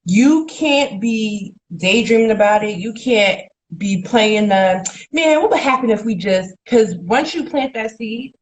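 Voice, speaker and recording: A young adult woman co-hosts a casual podcast, candidly telling stories about friendships, laughing as she talks and quoting others in big voices. Her voice is on the high side and expressive, a little slow with hardly any pauses, and the audio quality is poor.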